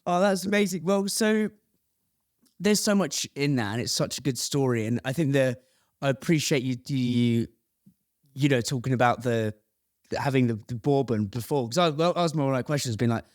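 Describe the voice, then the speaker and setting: A man's voice: medium pitch, moderate pace. Chummy male podcast host. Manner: relaxed and chummy, swears freely. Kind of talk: casual interview chat.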